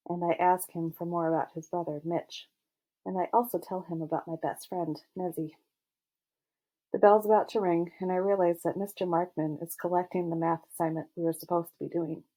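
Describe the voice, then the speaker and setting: Woman, audiobook narration, first person, wry, self-mocking, low pitch, mellow tone. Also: steady tone, normal speed.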